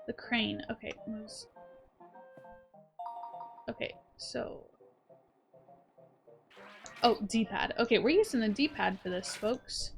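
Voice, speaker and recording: A woman with a fairly high voice talks through a video game with casual, playful commentary. She reads on-screen text aloud between quips, with faint game music underneath. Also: expressive, slow, gravelly, long pauses. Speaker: let's play host.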